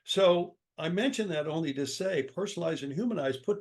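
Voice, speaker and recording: A man's voice: fairly high pitch, brisk. An older man, a guest author, answering in an interview with emphatic storytelling and acted-out dialogue. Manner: energetic, emphatic, acts out quoted dialogue.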